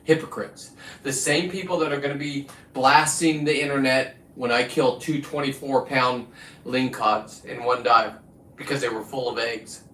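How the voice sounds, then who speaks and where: A man's voice: medium pitch, steady tone, normal speed, bright, forceful tone. A man hosting his own livestream, ranting in a profane, combative, preachy way into a phone. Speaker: livestream host. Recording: echoey room, distant from the mic.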